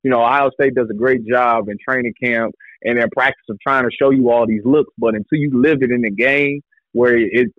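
A man guest on a sports talk show, speaking loosely with easy laughs and drawn-out sentences. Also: medium pitch, fairly even intonation, dry recording, narrow, tinny audio. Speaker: guest, former defensive back. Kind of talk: casual interview talk.

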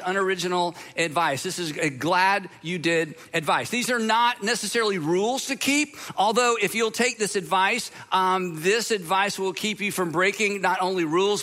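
A male pastor opens a sermon in a conversational manner, pausing with fillers as he gathers his thoughts. His voice sits high for a man and sounds bright and clear.

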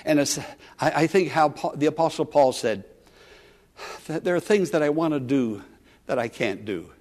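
A man pastor preaching a sermon, calling out with rising emotion and dropping to soft, quiet asides. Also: a little high, moderate pace.

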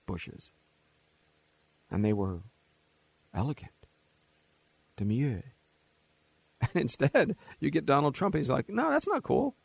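A man hosting a talk radio show, giving an opinionated monologue in an animated, mocking way. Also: mid-range voice, vocal fry, no echo. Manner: animated, mocking, acts out quoted voices with laughs.

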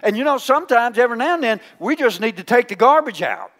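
High-voiced pastor preaching. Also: male voice, expressive, fast, in a large hall. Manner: folksy, teasing, swings from loud to hushed. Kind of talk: sermon.

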